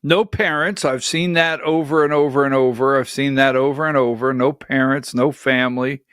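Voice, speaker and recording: This time the political livestream host has a mid-range, slightly bright, clean voice with fairly even intonation at normal speed, still blunt, skeptical, and given to rambling asides. The studio-quality recording has no echo.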